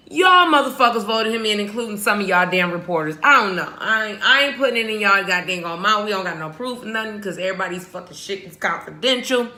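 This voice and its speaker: A woman's voice: a little high, pushed and bright, echoey room. A woman talking casually and profanely as she reacts to news clips, often breaking into laughter. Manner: profane, laughing, sings a chant. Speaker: vlogger commenting on news clips. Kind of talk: casual commentary.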